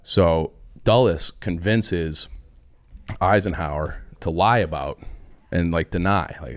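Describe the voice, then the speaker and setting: Low-voiced man rambling about history. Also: slow pace. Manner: rambling, heavy fillers, quotes people in loose voices. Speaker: podcast guest. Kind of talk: casual history chat.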